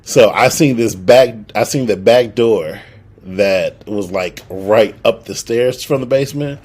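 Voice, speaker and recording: A man's voice: fairly low pitch, measured pace. Young man telling a wild story. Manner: animated storyteller, acts out quotes. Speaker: podcast co-host. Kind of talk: casual storytelling chat.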